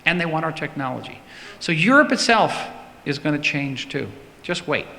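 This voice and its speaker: Man, bright forceful voice, emphatic speaker fielding questions, long hall reverb. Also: a little high, big pitch swings, normal speed, creaky. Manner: emphatic, repeats words for stress. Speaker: politician answering audience questions. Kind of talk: public talk with Q&A. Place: synagogue hall.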